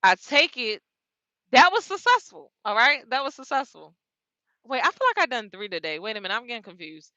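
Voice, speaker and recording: A young woman, telling a casual story about her trucking day in an animated, slangy way, laughing often. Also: on the high side, a little fast, no room sound, highs cut off. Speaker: truck driver vlogger.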